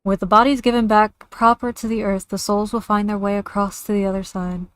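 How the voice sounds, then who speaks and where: A woman voicing an earnest, dutiful male camp leader from a fantasy game, reading his lines in a formal, measured way. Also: medium pitch, little pitch movement, clear, resonant tone, dry recording, natural voice. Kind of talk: reading game dialogue aloud.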